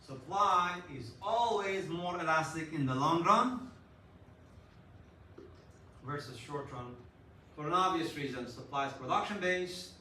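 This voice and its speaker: A male lecturer gives an animated class, with a slightly high and very lively voice. His tone is bright and forceful. The sound bounces around a big echoey hall, and he is far from the mic, with faint noise behind. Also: a little slow, pauses often. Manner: animated, asks the class questions, jokes. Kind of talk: university economics lecture.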